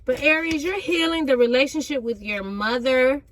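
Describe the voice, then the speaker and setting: A woman with a high, bright-pitched voice runs a casual tarot reading for her viewers. She sounds amped and energetic, chatting loosely and full of slang as she speaks to the audience. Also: normal speed. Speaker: tarot reader.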